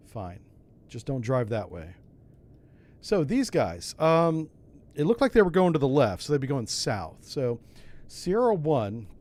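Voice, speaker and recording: A man streams a submarine game and talks it through step by step. His voice sits at a middling pitch, and his delivery is folksy and chatty, full of asides. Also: a little mellow. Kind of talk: casual gameplay commentary.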